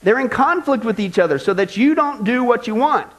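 A man's voice: very high-pitched, animated, fairly quick, a bit bright. A male pastor preaching a sermon in a folksy style, driving points home with repetition.

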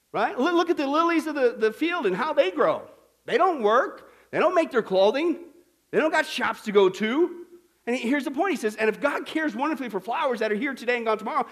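A male pastor preaches with lively energy, breaking into playful put-on voices to make his point. His voice sits high for a man. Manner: animated, acts out voices and jokes. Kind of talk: sermon.

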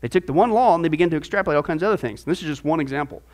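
Man teaching a bible class, high voice, lots of rhetorical questions and jokes. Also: racing. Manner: animated storytelling, rhetorical questions; humorous asides.

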